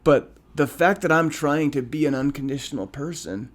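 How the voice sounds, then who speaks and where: A man's voice: on the high side, normal speed. A man co-hosting a podcast, talking in an earnest, reflective way with frequent restarts and ums. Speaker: podcast co-host.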